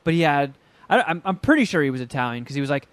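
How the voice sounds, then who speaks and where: A man in casual podcast chat, telling stories in a profane, animated way and acting out quotes. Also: on the high side, fast talker, no room sound.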